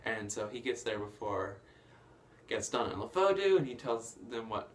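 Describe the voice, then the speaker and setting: A man casually recapping a film plot, rambling with lots of fillers and bursts of excitement. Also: lowish voice, moderate pace. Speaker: movie reviewer.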